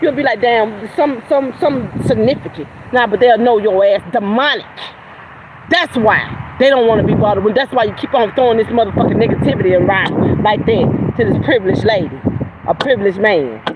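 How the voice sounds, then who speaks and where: A woman hosts a livestream from outside by a road, her voice set against clear traffic noise. She rants in a heated, profane, confrontational way. Her delivery lurches between loud outbursts and quiet mutters. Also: mid-range voice, fairly quick, phone-quality sound. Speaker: livestream host. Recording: outdoor traffic noise behind voice.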